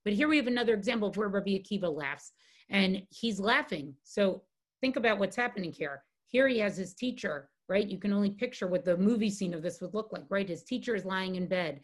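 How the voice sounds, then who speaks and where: A woman's voice: mid-range voice, expressive, a little fast. A woman giving a Talmud lesson as a guest teacher, reading Aramaic lines and translating them, tagging many sentences with "right?". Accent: Hebrew and Aramaic phrases read with Ashkenazi pronunciation. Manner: reads Hebrew and Aramaic text, then translates it, with frequent "right?" tags. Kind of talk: lecture on Talmud text.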